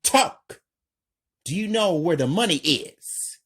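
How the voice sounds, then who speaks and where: A man voicing a calm, ruthless young male gangster who speaks low and quiet. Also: a little slow. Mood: menacing.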